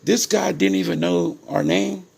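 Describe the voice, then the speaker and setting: A gravelly-voiced parent from Ohio, USA tells his story directly to viewers in a casual on-camera monologue, addressing them as "people." His voice sits high and a little mellow, he's unhurried, and he stays emphatic and repetitive.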